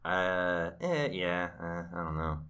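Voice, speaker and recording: A man's voice: low voice, lively intonation, slow, pushed and bright, smooth. A man hosting a podcast in casual chat, dry and steering the talk. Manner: dry, wraps things up. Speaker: podcast host.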